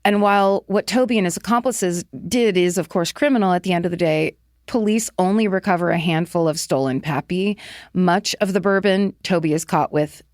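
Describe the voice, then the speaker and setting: A woman's voice: fairly low pitch, a little fast, darkish tone, no room sound. Woman telling a true-crime story in a dry studio. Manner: chatty, laughs often, reads case notes then riffs. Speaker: podcast co-host.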